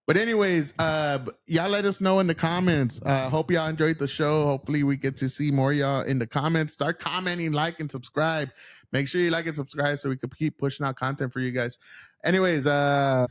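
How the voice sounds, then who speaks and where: A man's voice: fairly high pitch, steady tone, fairly quick, dry recording, clean studio sound. A man hosting a casual podcast, rambling with lots of fillers and swearing freely. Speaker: podcast host.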